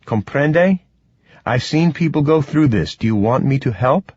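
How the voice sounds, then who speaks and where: A man reading an audiobook voices a calm, protective undead man who speaks matter-of-factly. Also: a little high, measured pace, dry recording, pitched above the performer's own voice. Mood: steady. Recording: dull, dry, slightly muffled.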